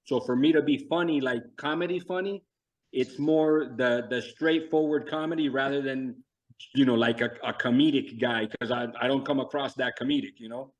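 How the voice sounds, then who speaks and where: Middle-aged man, guest actor, earnest and reflective, mid-pitched, on a call. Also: normal speed, highs cut off. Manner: earnest, self-reflective, acts out quotes. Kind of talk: casual interview chat.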